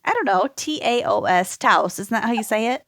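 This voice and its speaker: A woman co-hosts a podcast in an easygoing chat, her voice pitched a little high. She reads loosely from research notes, swears freely and laughs often. The sound is close and dry, with no room ring. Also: expressive, brisk, dry recording. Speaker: podcast co-host presenting the research. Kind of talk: casual chat.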